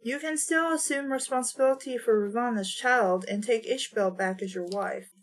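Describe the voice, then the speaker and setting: A woman reading aloud, voicing a calm male warrior leader in a plain, even way. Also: fairly high pitch, moderate pace, natural voice.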